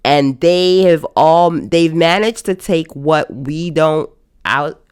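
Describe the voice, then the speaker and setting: Low slow-talking woman podcaster, annoyed ranty vibe, repeats herself for emphasis. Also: a little mellow, clear, resonant tone. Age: adult. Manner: exasperated, ranting, emphatic repetitions. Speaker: podcast host. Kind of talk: casual review podcast.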